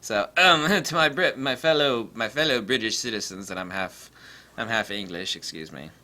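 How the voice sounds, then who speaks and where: Bright, forceful-voiced man for a rambling, cocky vlog rant. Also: fairly low pitch, moderate pace. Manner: rambling, boastful, laughing, many fillers. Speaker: camera vlogger. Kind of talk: casual rant to camera.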